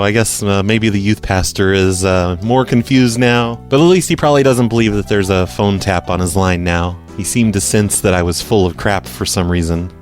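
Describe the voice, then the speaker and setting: A man hosting a prank call show, talking in a sarcastic, stammering way. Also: mid-range voice. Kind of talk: casual podcast commentary.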